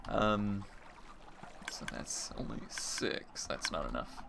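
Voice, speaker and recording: A man's voice: on the low side, sing-song, fairly quick, gravelly, a bit bright, a little hiss or hum. A man giving casual gameplay commentary as he builds, thinking aloud and restarting his sentences. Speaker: Minecraft let's player.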